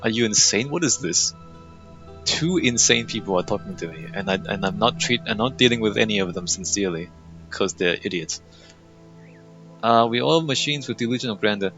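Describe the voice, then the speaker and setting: A man's voice: lowish voice, expressive, normal speed, a bit bright. A young man in casual gameplay commentary, sarcastic and mocking as he reads game dialogue aloud. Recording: muffled lo-fi mic over faint game music.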